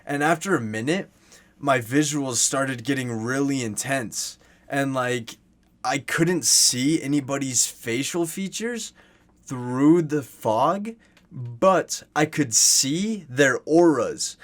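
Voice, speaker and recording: Young man, casual storytime, rambling, filler-heavy, mid-pitched voice. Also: expressive, slow. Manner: rambling, heavy use of "like" and "you know"; gets loud and worked up when exasperated.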